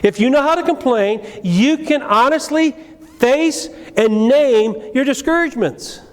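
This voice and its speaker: A middle-aged man preaching a sermon, telling a personal story, moving between loud emphatic lines and low quiet asides, with frequent restarts. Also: unhurried. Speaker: pastor. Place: church sanctuary. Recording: live church recording with long reverb and faint room noise.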